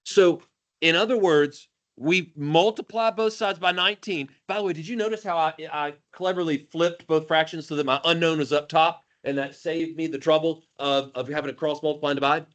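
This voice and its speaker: Male math teacher, fairly high voice, animated, jokey, classroom lecture. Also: a little fast. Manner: animated, jokey, calls on students by name.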